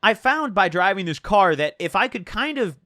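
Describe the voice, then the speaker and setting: A man's voice: high voice, moderate pace, no room sound, clean studio sound. A young man telling a rambling, casual story to camera, swearing freely and restarting his sentences. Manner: animated, rambling, swears often. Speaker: storytime vlogger.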